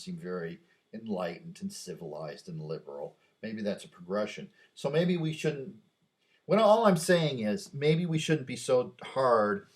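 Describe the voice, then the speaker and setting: A man's voice: fairly low pitch, slightly rough. A man talking to himself in a late-night rambling monologue, musing aloud, stumbling over restarts and trailing off. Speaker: vlogger.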